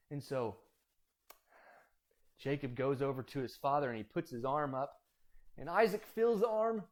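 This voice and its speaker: A man casually retelling a Bible story, animated and digressive, with many fillers. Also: a little high, normal speed.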